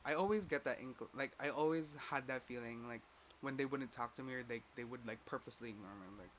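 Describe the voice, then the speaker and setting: A man's voice: medium pitch, expressive, a little fast, sharp tone. A young man telling a personal story in a casual rant, rambling with lots of filler and swearing as he quotes others. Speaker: podcast host. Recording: dull lo-fi sound with faint background noise.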